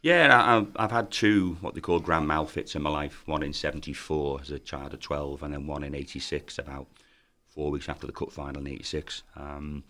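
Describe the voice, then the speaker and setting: A man in his fifties, a former footballer, telling lively anecdotes in a podcast interview and acting out other people's lines. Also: rumbling low, fairly quick, hardly any pauses. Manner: lively storyteller who acts out voices in his tales.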